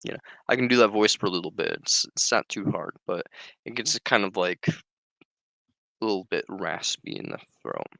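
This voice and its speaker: A man's voice: sits low, sing-song, moderate pace, vocal fry, bright, forceful tone, no echo, poor audio. A man casually reading a book aloud and commenting, rambling and swearing, with many filler words. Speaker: reader and commentator.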